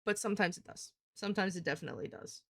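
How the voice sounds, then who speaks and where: A woman's voice: mid-range voice, lively intonation, racing, creaky, fairly bright tone, dry recording, clean studio sound. A young adult woman live streamer chatting casually to her viewers, rambling and swearing, with lots of "like" fillers. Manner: rambling, profane, heavy use of "like".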